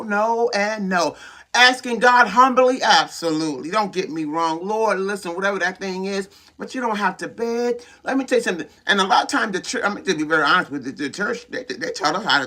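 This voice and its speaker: A woman's voice: mid-range voice, pushed and bright. A woman hosting a live-streamed empowerment show, preaching with call-and-response declarations and constantly urging "listen" and "come on". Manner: exhorting, repeats "listen" and "come on". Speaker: host and preacher.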